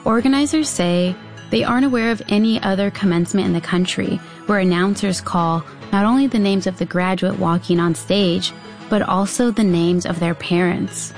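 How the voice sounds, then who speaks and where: A woman reporter giving a scripted, measured news narration. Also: mid-range voice, soft background music. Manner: measured, even storytelling delivery.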